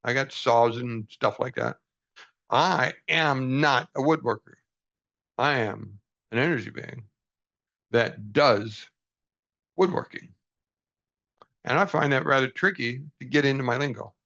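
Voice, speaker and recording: Older man, gravelly voice, folksy book reflection, muffled lo-fi recording. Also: medium pitch, a little slow, pauses often, fairly bright tone. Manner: earnest, self-deprecating, folksy. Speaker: book study host. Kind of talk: reading aloud and reflecting. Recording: dull lo-fi recording.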